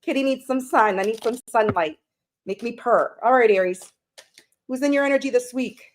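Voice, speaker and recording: Woman, tarot live-streamer, slightly high voice, chatty and affectionate with viewers. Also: moderate pace, a little hiss or hum. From Canada. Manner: chatty, greets viewers with pet names.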